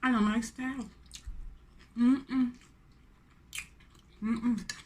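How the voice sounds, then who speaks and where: A woman's voice: fairly high pitch, steady tone, very slow. A Jamaican woman in her forties chatting casually on a mukbang vlog, slipping into Patois between English sentences. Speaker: food vlogger.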